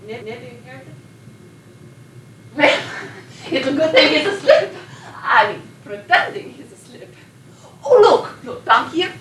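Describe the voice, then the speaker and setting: A high-pitched woman from Poland delivers a film monologue as a sleepless Polish émigré actress who is chatty and self-promoting. The recording is from a distant mic in an echoey room with background noise.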